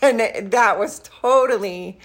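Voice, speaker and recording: A woman's voice: a little high, measured pace. An older grandmother in a casual interview, telling stories from her youth and acting out bits of dialogue. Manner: lively storyteller who acts out quoted dialogue.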